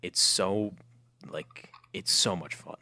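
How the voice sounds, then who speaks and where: A man's voice: deep voice, takes it slowly, bright, forceful tone, a little hiss or hum. A young man co-hosting a casual podcast, joking and opinionated. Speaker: podcast co-host. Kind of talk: casual chat.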